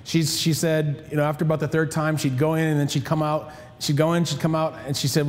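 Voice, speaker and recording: A man's voice: a little high, little pitch movement, fairly quick, big-room sound, a little hiss or hum. A man hosting a casual panel talk, often restarting his words and wandering into asides.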